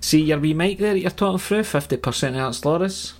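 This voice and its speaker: Scottish guy, a bit high, loud sweary mocker, laughs a lot. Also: brisk, slight background noise. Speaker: band member. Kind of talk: casual banter.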